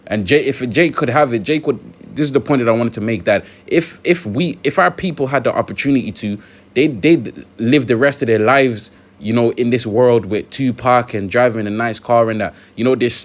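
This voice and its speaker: A man's voice: medium pitch, normal speed. A man hosting a religious video, talking through scripture in a conversational way with lots of "you know". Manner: conversational, many fillers and restarts. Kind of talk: scripture commentary.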